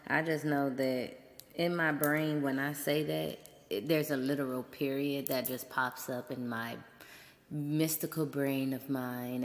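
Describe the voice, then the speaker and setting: A woman hosts her show alone in loose, playful chat and laughs easily. Her voice sits low and her pace is unhurried. A long, hall-like reverb trails behind every word. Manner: playful, chatty, laughs often. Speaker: podcast host. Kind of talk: casual solo chat.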